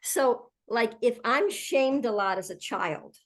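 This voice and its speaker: A woman's voice: fairly high pitch, lively intonation, slow pace. A woman in an earnest conversational discussion, often acting out example phrases as she explains.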